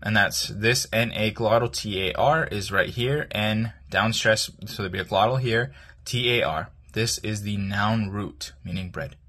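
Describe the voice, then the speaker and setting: A man teaching language, explaining a word piece by piece in a hesitant, explanatory way with many pauses and fillers. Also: on the low side, a bit bright, breathy edge.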